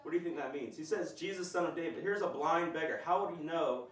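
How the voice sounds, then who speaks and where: Male teacher, casual bible lesson, questions to group, slightly high voice, roomy distant recording. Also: fairly quick, fairly bright tone. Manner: explains and asks the group questions.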